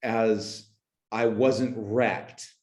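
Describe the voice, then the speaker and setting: A man's voice: lowish voice, fairly even intonation, very slow, echoey room, noisy background. A man in his forties from Canada, a podcast guest talking reflectively and emotionally, often repeating words and restarting sentences, at times choked up. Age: 40s. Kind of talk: reflective conversational interview.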